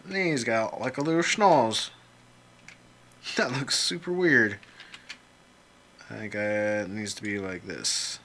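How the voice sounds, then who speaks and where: A man with a lowish, slightly bright voice speaks slowly with long pauses, and a faint hiss or hum sits under the recording. He's an illustrator drawing characters on a computer, rambling casually and joking to himself with some mild swearing as he works.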